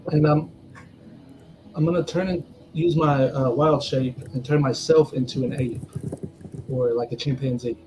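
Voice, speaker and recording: A man playing in a tabletop game, talking briskly and focused on the rules. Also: medium pitch, steady tone, background noise. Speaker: player. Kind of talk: tabletop role-play chat.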